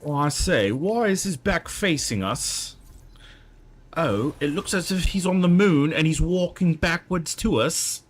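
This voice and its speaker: A man's voice: on the high side, expressive, a little slow, pitched above the performer's own voice. A man voicing a posh, startled British soldier with a prim, fussy way of exclaiming. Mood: bewildered.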